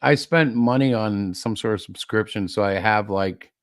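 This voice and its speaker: A man hosting a live stream, chatting casually and rambling as he fiddles with his setup. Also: on the low side. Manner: rambling, halting, laughs while fiddling with tech. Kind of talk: casual chat.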